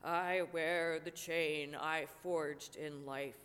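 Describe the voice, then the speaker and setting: A woman with a cold voicing a grim, chained male ghost of an old businessman, speaking slowly and heavily. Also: fairly even intonation, a bit bright, heavily acted. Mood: solemn. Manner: slow, heavy, booming delivery. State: has a cold. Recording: long reverb of a large room.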